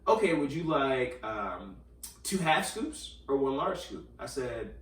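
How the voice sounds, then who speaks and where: Animated man telling a story, roomy sound. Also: mid-range voice, slow, recorded from a distance. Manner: animated storyteller, acts out quotes, many fillers. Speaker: podcast host. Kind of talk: casual storytelling chat. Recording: roomy sound, a little off mic.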